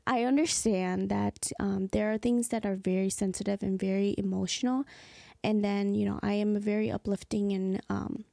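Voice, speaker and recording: Young woman, host, emotional personal monologue, halting, soft whispered phrases, gravelly fry, dry close sound. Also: a little high, no room sound. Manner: emotional, halting and earnest, often dropping into soft breathy whispers. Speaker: podcast host.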